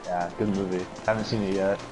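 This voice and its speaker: A man's voice: deep voice, flat delivery, brisk, rough recording. A young man co-streaming a game, joking dryly and sarcastically in casual chat. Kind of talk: casual chat over gameplay. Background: game music.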